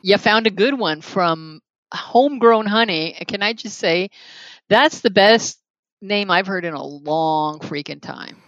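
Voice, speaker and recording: Wry soft-spoken podcast co-host. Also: mid-range voice, no echo, highs cut off. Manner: wry, teasing, reads slowly and softly. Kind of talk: casual chat and reading aloud.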